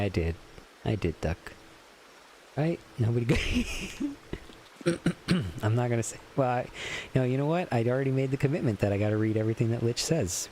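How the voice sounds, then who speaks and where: Young male streamer, low-pitched and easygoing, reading chat aloud over faint cricket noise. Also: a little mellow. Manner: chatty, reads chat aloud and teases viewers. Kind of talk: casual gameplay commentary.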